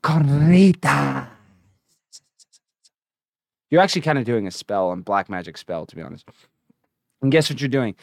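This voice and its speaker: A man hosting a comedy show, delivering a brash, swaggering rant that keeps slipping into sing-song chants and sudden shouts. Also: on the low side, animated, quick pace, no echo, clean studio sound.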